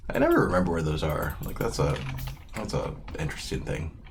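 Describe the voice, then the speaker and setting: A man's voice: a bass voice, wildly swooping pitch, brisk, creaky, a little hiss or hum. A man streaming a game, rambling in a casual, self-deprecating way with lots of fillers. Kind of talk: casual gameplay commentary.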